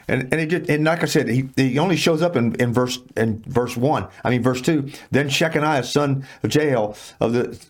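A man's voice: mid-range voice, normal speed, hardly any pauses. A man co-hosting a casual Bible study discussion, talking in an emphatic, preachy and colloquial way.

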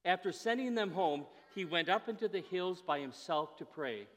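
A male pastor delivers his sermon in a chatty, conversational way and leans into emphatic lines. His voice sits a little high for a man. The sound rings with a long hall reverb. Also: expressive, moderate pace. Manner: conversational preaching, rising to emphatic.

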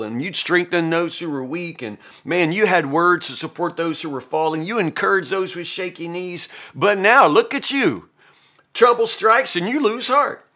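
A man's voice: fairly high pitch, bright, forceful tone. A man voicing a smug, self-assured friend who lectures with condescension, in a casual spoken paraphrase of an old story. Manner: preachy, condescending.

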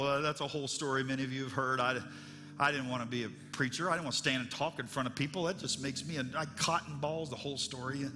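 A man's voice: mid-range voice, steady tone, fast, pushed and bright, a little hiss or hum. A male pastor preaching a sermon in an earnest, storytelling manner that turns heartfelt. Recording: long reverb, instrumental music behind.

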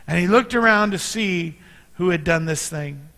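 A high, bright-voiced man preaching in a church sanctuary, his words ringing with long reverb. He is earnest, pushing up to emphatic peaks and then dropping soft and quiet. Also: lively intonation, moderate pace. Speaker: pastor. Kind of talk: sermon.

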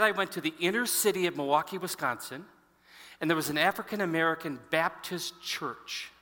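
A pastor in his fifties preaching a sermon to his congregation, telling stories and asking the room questions. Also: sits high. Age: 50s. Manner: storytelling, animated, addresses the congregation. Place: large church hall. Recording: long hall reverb.

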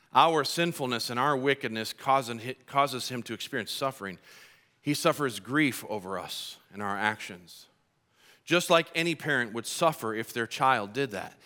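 A man's voice: mid-range voice, sharp tone. A man preaching a sermon in church, conversational and humorous, acting out little quotes. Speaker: pastor.

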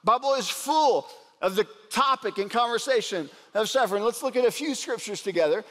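A man preaching a sermon as a pastor, earnest and slowing down to stress points. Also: sits high, animated, a bit bright, big-room sound. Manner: earnest preaching, slows down for emphasis.

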